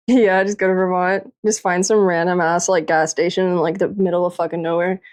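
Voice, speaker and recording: A woman's voice: on the low side, little pitch movement, a little fast, few pauses, a little mellow. A woman livestreamer chatting casually late at night, tired and a little tipsy, giggling often and swearing freely as she rambles. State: tired and tipsy after drinking.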